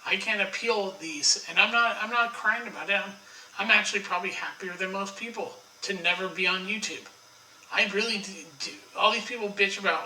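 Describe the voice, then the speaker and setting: A high, very bright-voiced man rants on without a script, blunt and profane, often cutting himself off and starting over. He sits a little back from the mic in an echoey room. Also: a little fast, distant mic. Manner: profane, blunt, opinionated, frequent restarts. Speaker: online commentator. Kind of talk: ranting casual monologue.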